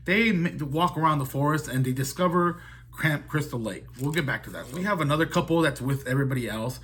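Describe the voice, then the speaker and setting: A man's voice: a little high, lively intonation, fairly quick, a bit bright, breathy edge. A man recapping a horror film in casual, rambling talk, swearing often and leaning on fillers like "like" and "dude". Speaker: horror movie reviewer.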